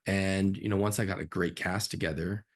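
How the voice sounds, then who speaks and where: Deep gravelly guy telling movie stories, kinda husky, gets animated. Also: moderate pace. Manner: animated, acts out quotes in a raised voice. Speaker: film director guest. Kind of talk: casual interview storytelling.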